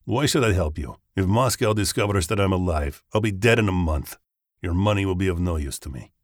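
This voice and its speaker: A man's voice: low-pitched, lively intonation, a little fast, dry recording, studio quality. A man reading a curt Russian ex-colonel. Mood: hostile. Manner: curt, menacing. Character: hostile Russian ex-colonel, middle-aged man in hiding. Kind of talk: audiobook character reading.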